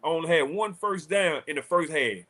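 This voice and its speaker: Animated storytelling man. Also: on the high side, moderate pace. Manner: animated, laughing storyteller acting out quotes. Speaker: former college quarterback, guest. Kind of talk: casual storytelling on a talk show.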